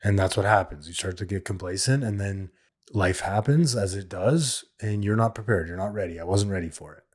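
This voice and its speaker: A man's voice: lowish voice, fairly quick, husky. A man hosting a solo recovery podcast, talking in an earnest, plain-spoken way and repeating his key points. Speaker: podcast host.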